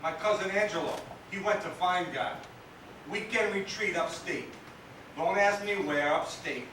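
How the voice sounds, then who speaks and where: A man playing a streetwise, kindly New Yorker, spinning wry, chatty stories. His voice is high and bright. It carries from far off through an echoey theatre. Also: a little slow, slight background noise. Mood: wry, consoling. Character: streetwise, kindly New Yorker who comforts a grieving kid. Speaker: stage actor. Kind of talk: stage drama monologue. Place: theatre stage.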